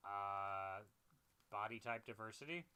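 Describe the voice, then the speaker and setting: A man's voice: on the low side, unhurried, pushed and bright, clear, resonant tone. A man co-hosting a podcast, chatting casually about a film with frequent laughs and filler words. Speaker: podcast co-host. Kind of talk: casual movie review chat.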